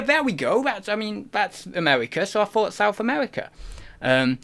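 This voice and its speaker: A man's voice: mid-range voice, lively intonation, normal speed, a bit bright. Uk guy streaming, chatty and rambly, keeps correcting himself. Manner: rambling, self-correcting, giggly. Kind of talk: casual live-stream chat.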